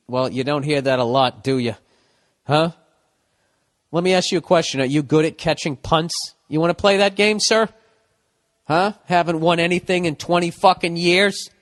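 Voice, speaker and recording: A man's voice: a little high, a bit bright. A man hosting a podcast, reading listener mail and riffing in a blunt, profane, jokey way. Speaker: podcast host.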